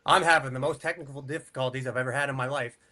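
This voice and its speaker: A man's voice: mid-range voice, fairly even intonation, racing, crowd noise. A man calling in remotely as a wrestler, cutting an aggressive, boastful trash-talk promo. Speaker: wrestler guest. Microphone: remote call.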